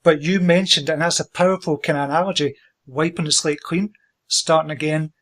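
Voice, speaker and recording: A man's voice: fairly high pitch, fairly even intonation, fairly bright tone. Enthusiastic man hosting an interview. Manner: enthusiastic, encouraging, quick to praise. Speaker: interview host. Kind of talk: conversational interview.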